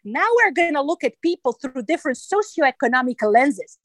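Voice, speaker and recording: A woman's voice: high voice, expressive, normal speed, a bit bright, no room sound, rough recording. A woman with a Serbian accent, speaking emphatically and passionately as a guest in a radio interview.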